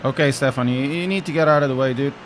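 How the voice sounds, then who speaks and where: A man's voice: medium pitch, fast, a little hiss or hum. A young man with a Portuguese accent from Portugal, chatting casually to his stream chat while sim racing, wry and talkative.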